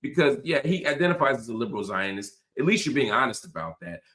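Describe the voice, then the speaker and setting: A man's voice: medium pitch, animated, fast talker, a bit bright. A man hosting a political commentary monologue, talking in emphatic, impassioned punches. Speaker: host.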